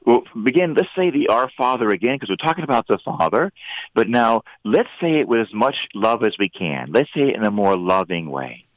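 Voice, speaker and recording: A man, a priest and regular on a radio show, talking earnestly about faith and often rising into lively emphatic bursts. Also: lowish voice, fairly quick, dry recording, low-quality recording. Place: radio studio.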